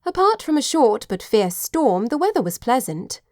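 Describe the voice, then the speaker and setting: A woman doing a lively young lady. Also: fairly high pitch, normal speed, dry recording, clean studio sound, voice pushed up. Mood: eager. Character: young lady returning home, warm and lively.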